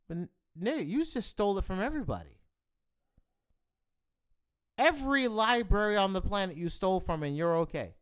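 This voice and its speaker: A man's voice: sits high, moderate pace, pauses often, smooth. A man hosting a live stream, ranting about tech news in a heated, profane way. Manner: animated, profane, heated rant with bursts of emphasis. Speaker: livestream host.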